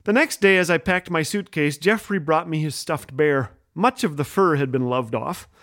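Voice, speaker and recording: A man's voice: fairly high pitch, moderate pace, dry recording, clean studio sound. A middle-aged man hosting a radio show, telling wry comic stories from a script. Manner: wry, animated storytelling with voiced quotes. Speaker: radio host and humor storyteller.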